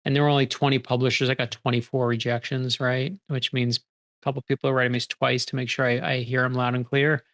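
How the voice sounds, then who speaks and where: A man, a guest author, telling stories in an energetic, animated conversational way and acting out quoted dialogue. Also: medium pitch. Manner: energetic, animated, quick bursts when excited. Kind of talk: conversational storytelling.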